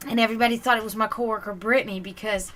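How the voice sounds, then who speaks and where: A woman hosting a livestream, chatting casually with viewers and telling stories in a lively way, acting out the voices of the people in them. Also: a little high, rapid-fire. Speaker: livestream host.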